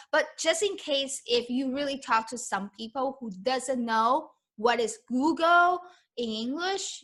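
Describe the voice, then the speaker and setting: A woman with as her gives a beginner lesson in English. Her voice is bright and a little high. She speaks slowly and repeats each phrase carefully for learners. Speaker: Mandarin teacher. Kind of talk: online language lesson.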